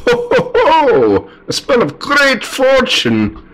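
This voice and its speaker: A jolly old wizard with a hearty, booming manner, as a man puts him on. His voice is pushed up well above a plain speaking voice. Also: huge pitch swings, slow, fairly bright tone, full character voice, rough recording.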